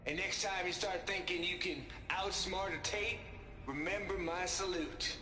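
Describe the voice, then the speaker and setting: A man's voice: sits high, steady tone, measured pace, echoey room, long reverb tail, noisy background. An actor playing a cocky, scheming male hacker with a Southern accent and a mocking drawl. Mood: gloating. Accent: American Southern.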